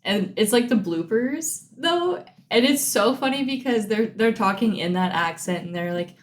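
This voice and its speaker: A woman's voice: medium pitch, expressive, moderate pace. A woman co-hosting a podcast in casual chat, giggly and rambling, saying "like" constantly. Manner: giggly, rambling, heavy use of "like". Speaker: podcast co-host.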